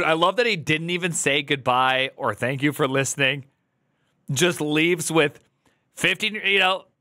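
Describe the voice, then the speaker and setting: Male streamer, casual reaction chat, bright tone, rambling delivery. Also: a little high, dry recording, clean studio sound. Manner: rambling, restarts, loud joking asides.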